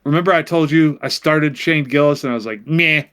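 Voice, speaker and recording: A man on a comedy podcast acting as the weary straight man, with a voice sitting a little higher than most men's. He swears casually and keeps nudging the conversation along. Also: brisk, a bit bright, clean tone. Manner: exasperated straight man, swears, presses to move on. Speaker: podcast co-host. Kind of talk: crude comedic podcast banter.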